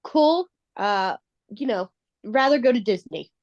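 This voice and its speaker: A woman's voice: on the high side, animated, a little slow, a little mellow, no echo. A woman co-hosting a comedy podcast, firing off wry, stubborn one-liners. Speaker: podcast co-host. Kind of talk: casual comedic chat. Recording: dull lo-fi sound.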